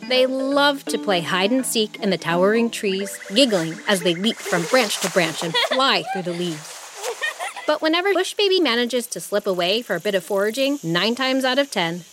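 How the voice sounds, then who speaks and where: A woman narrating a scripted children's story in an expressive, animated way. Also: mid-range voice, noisy background. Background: music.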